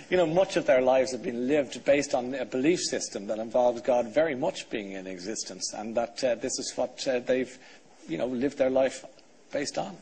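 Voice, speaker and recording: A man's voice: medium pitch, normal speed, a little mellow, low-quality recording. A man in his thirties with an Irish accent, hosting a TV talk show and firing probing follow-up questions at his guest. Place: TV studio.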